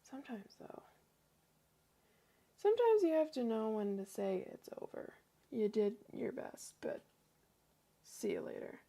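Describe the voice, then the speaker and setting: A young woman chatting casually on a livestream as she paints, self-deprecating and often dropping into soft near-whispers. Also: a little high, very animated, unhurried, vocal fry, pauses often. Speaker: art livestreamer.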